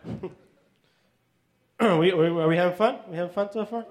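A man doing a stand-up comedy set in a halting, awkward deadpan manner, full of ums and restarts. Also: sits high, background noise. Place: comedy club stage.

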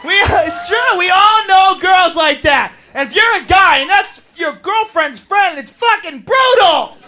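A stand-up comedian doing a loud, profane routine on a club stage, acting out characters. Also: male voice, very high-pitched, lively intonation, measured pace. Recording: live club with crowd noise.

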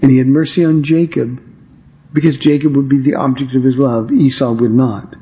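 A man teaching a Bible study in an earnest, emphatic way, slowing down to stress key words. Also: medium pitch, steady tone, dark tone. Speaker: Bible teacher and radio show host.

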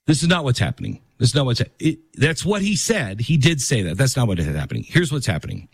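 A man's voice: mid-range voice, big pitch swings, fast, breathy edge, dry recording. A man hosting a talk radio show, chatting in a loose, rambling way with lots of ums and restarts. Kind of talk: casual talk radio monologue.

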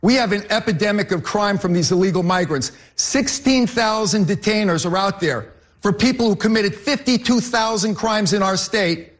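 A man's voice: high voice, moderate pace. A man arguing as a candidate in a political debate, combative and repeatedly addressing his opponent. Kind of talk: debate argument.

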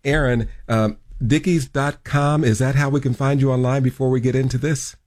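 A man's voice: mid-range voice, fairly even intonation, moderate pace, a little mellow, no echo, clean studio sound. A man hosting a radio show, interviewing a guest with chatty broadcast-style questions.

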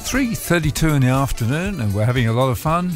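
A man's voice: medium pitch, sing-song, fast talker, faint music behind. A man hosting an afternoon radio show, laid-back with dry jokes. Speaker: radio host. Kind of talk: casual radio chat. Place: radio studio.

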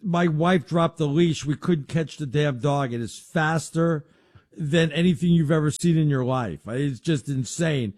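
A man co-hosting a casual sports talk show, an animated, excitable storyteller. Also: on the high side, unhurried.

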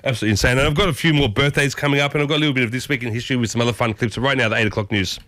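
A man with an Australian accent hosting a morning radio show alone, chatty and upbeat, with sudden excited jumps up in pitch. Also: very fast, a little hiss or hum. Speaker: radio host. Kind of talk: solo morning radio chat. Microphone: studio microphone.

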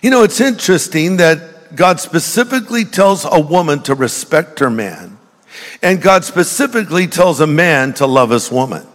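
A man's voice: on the high side, big pitch swings, moderate pace, fairly bright tone. An older man preaching a sermon, folksy and joking as he tells stories. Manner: folksy storytelling with jokes. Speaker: pastor. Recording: reverberant hall.

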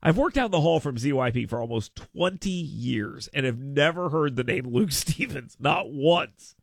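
A middle-aged man hosting a talk radio show, sarcastic and mock-petty, jumping between low mutters and hyped shouts in his monologue and ad reads. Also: expressive, normal speed, creaky, no room sound. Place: radio studio. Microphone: studio microphone.

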